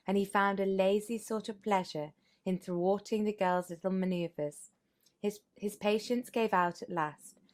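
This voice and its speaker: A woman reading a classic novel aloud as narrator, steady with small restarts. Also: fairly low pitch. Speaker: audiobook narrator.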